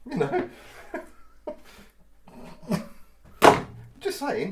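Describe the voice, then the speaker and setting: A man chatting and swearing casually as he cuts meat in his home kitchen. He laughs often and gets loud and then quiet. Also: sits high, wildly swooping pitch, very slow, long pauses, very noisy. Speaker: vlogger. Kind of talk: casual cooking vlog. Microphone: mic on the kitchen table.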